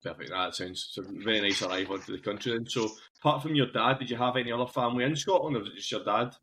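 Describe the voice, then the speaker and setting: A man's voice: fairly low pitch, quick pace, pushed and bright, a little hiss or hum. A man hosting a podcast and asking long, rambling questions full of fillers. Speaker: podcast host, interviewer. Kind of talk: casual interview chat.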